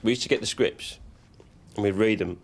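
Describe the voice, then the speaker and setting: Fast-talking man telling a story. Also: fairly low pitch. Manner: quick, animated storytelling. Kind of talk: documentary interview.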